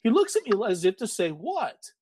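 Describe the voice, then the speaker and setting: A man's voice: high-pitched, sing-song, fast talker, crowd noise. A man co-hosting a podcast, telling an exasperated anecdote in casual chat. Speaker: podcast co-host.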